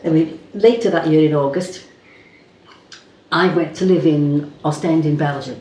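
A woman's voice: sits low, unhurried, warm tone. An older woman with a Cardiff accent, chatting in a group and telling a story with laughs along the way. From Wales. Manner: chatty storyteller, laughs through her tales. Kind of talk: casual group reminiscing. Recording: echoey room with background noise.

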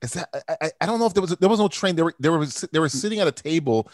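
Fast-talking animated man chatting. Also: fairly high pitch, dry recording, clean studio sound. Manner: excitable, profane, animated. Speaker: podcast co-host. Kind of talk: casual chat.

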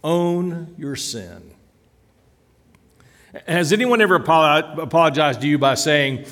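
A man's voice: a little high, lively intonation, unhurried, a bit bright, long reverb tail. A man preaching a sermon as pastor, earnest and rising to emphatic declarations.

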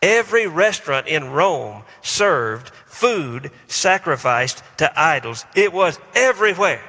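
A man's voice: a little high, sing-song, measured pace, bright, forceful tone. A man, a pastor preaching a conversational sermon with self-deprecating humor and rhetorical questions. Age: 40s. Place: church sanctuary. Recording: long reverb in a large hall.

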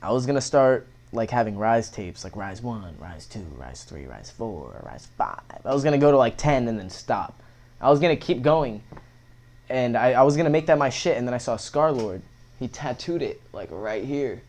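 A man's voice: mid-range voice, very animated, moderate pace, darkish tone. A young man in his twenties telling stories in a casual chat, rambling, slangy and full of profanity. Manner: rambling, slangy, heavy profanity, fillers of "bro" and "like".

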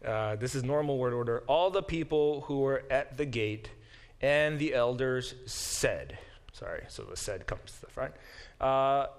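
This Bible class lecture comes from a middle-aged man with an animated mid-range voice at a moderate pace. He walks through verses with explanations and tangents, corrects himself often, and reads the passages aloud in a lifted, emphatic way.

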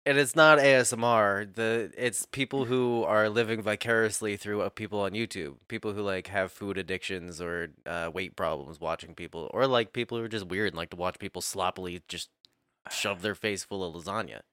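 Low-voiced joking young man. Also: a little fast, a bit bright, smooth, no echo. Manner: joking, dry, laughs often. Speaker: podcast co-host. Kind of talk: casual chat.

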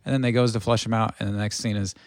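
A man's voice: fairly low pitch, steady tone, rapid-fire, no echo, studio quality. A man on a podcast animatedly retelling movie scenes, swearing casually.

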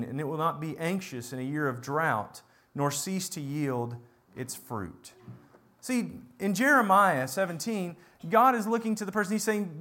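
Male preacher, higher voice, reads verses then expounds, lively delivery. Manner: reads scripture aloud and explains it, voicing God and the people in quotes. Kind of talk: sermon.

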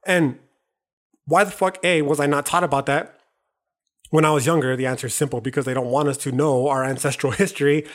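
A young man on a podcast, raging through a heated monologue that is thick with swearing and "dog". His voice sits a little high for a man. He comes from the United States. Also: steady tone, brisk. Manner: heated, profane, calls listener "dog". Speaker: podcast host. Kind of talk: profane, impassioned monologue.

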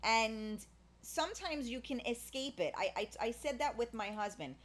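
Chatty, rambling woman, somewhat high voice. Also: expressive, moderate pace. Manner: chatty and rambling, many fillers and restarts; candid, blunt, swears in passing. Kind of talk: casual monologue.

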